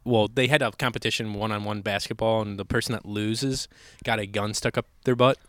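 A young man co-hosting a podcast in casual, rambling chat, crude and quick to laugh, recorded on a microphone in a restaurant. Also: fairly low pitch, fairly even intonation, clean tone, no room sound. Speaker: podcast co-host. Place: public restaurant seating area.

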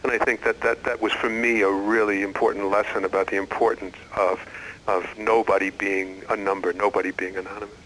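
A middle-aged man, an experienced educator, answering interview questions in an earnest, measured way with frequent restarts. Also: on the low side, little pitch movement, a bit bright, a little hiss or hum, rough recording. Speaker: educator and former school head.

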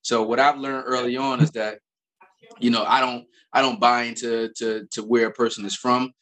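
A man's voice: mid-range voice, level tone, normal speed, fairly bright tone. A man from Albany, New York, telling stories as a guest in a casual chat, rambling with many restarts. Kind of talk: casual conversational storytelling.

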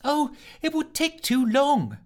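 Imagine a practical storybook young woman, put on by a man in a raised, brisk voice. She is sensible and a little flustered, stumbling a touch when unsure. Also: on the high side, wildly swooping pitch, breathy edge, pitched above the performer's own voice, full character voice.

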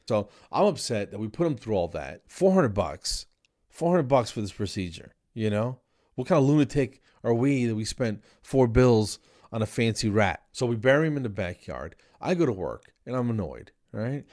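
A man from New Jersey hosting a podcast, telling a comic story in an animated, exasperated way and acting out the dialogue. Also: lowish voice, normal speed. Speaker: podcast host.

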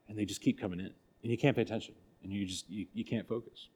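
A man with a low, darkish voice and a breathy edge speaks fairly quickly as he teaches church catechism. His casual class talk is folksy, with frequent restarts and acted asides.

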